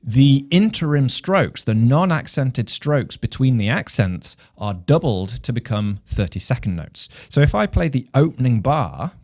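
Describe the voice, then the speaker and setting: A man, a composer and music teacher from England, giving a measured explanation of rhythm and counting beats aloud. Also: mid-range voice, sing-song, darkish tone, dry recording, clean studio sound. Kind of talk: instructional explanation.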